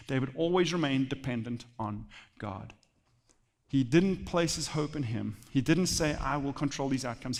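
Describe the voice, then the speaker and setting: A male pastor preaching a sermon in a church sanctuary, animated and repeating phrases for emphasis. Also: a little high. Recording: long church hall reverb.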